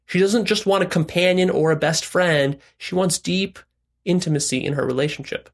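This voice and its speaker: A man's voice: high-pitched, normal speed. A man giving frank, direct relationship and sex advice in a casual monologue, explaining step by step with "right?" asides.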